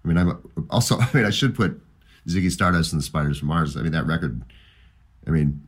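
A middle-aged man chatting casually about music, rambling and animated, often laughing as he remembers. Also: rumbling low, brisk, slightly rough.

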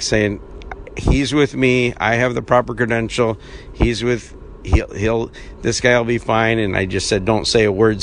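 A man with a lowish voice tells a long story in an interview. He wanders and restarts his sentences as he goes. Faint ambient noise sits under the recording. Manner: rambling anecdote with many restarts. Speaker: team PR director.

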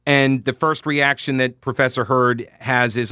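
A man's voice: mid-range voice, normal speed, hardly any pauses, pushed and bright, no echo, studio quality. A man hosting a radio talk show, recounting a story in an emphatic, conversational way.

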